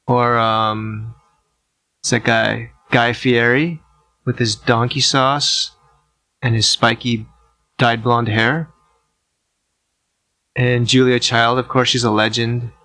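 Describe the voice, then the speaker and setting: A man's voice: medium pitch, fairly bright tone, no echo. A man hosting his own podcast, talking alone in a rambling, blunt, offhand way with casual swearing. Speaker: podcast host. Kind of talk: casual solo podcast monologue.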